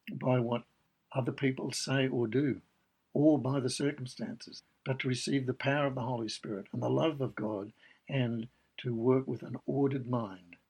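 A man delivers a sermon in a husky, slightly breathy voice. He talks in an earnest, explanatory way, unpacking scripture and reading passages aloud to his listeners. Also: mid-range voice, darkish tone, poor audio. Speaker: preacher.

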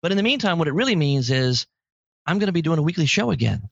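A man hosting a podcast in casual chat, lively and talkative, with sudden jumps in pitch. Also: quick pace, creaky, no echo. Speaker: podcast host. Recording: dry, slightly dull lo-fi audio.

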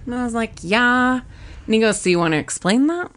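A young adult woman co-hosting a podcast, telling a story in casual chat and acting out the people she quotes. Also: fairly quick. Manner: animated, acts out quotes with pitch jumps. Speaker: podcast co-host.

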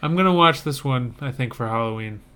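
A young man co-hosts a casual podcast chat, enthusiastic and rambling. His voice is smooth and resonant, sitting at a middle pitch. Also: lively intonation, a little fast, a bit bright. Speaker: podcast co-host reviewing trailers.

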